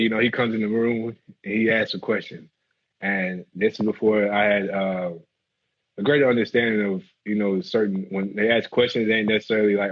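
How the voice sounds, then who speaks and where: A man, a former football player telling animated stories in an interview. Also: mid-range voice, breathy edge. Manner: animated storyteller acting out quotes. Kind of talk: storytelling interview. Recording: muffled lo-fi audio.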